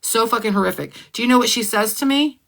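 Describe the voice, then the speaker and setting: A woman hosting a casual live stream, reading out old text messages and often clearing her throat. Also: a little high, fast talker, fairly bright tone. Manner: conversational, often clears throat, repeats herself. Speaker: livestream host.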